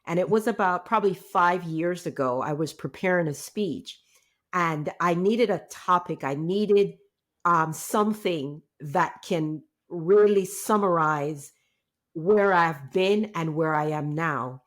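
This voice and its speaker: A woman from Jamaica, a resilience coach, answering interview questions in an earnest, measured way. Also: on the low side. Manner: earnest, measured, faith-filled speech.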